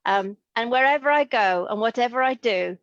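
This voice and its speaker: A middle-aged consultant podiatrist from Liverpool, England, speaks at normal speed in a voice on the high side during a video-call interview. She's chatty and enthusiastic, full of asides, and the recording is dry and lo-fi.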